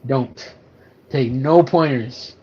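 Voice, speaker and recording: A man's voice: medium pitch, drawn-out words, dark tone, highs cut off. A man co-hosting a casual movie review podcast, animatedly retelling scenes with acted-out quotes and lots of fillers. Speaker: podcast co-host.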